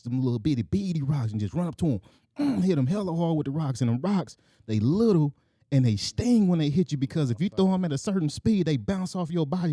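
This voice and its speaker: A man spins a childhood tale in loose, casual storytelling, acting out every quote and slap with sound effects. His voice sits high for a man, and the recording is close and dry with no room sound. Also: warm tone, no room sound. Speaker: podcast co-host telling a story.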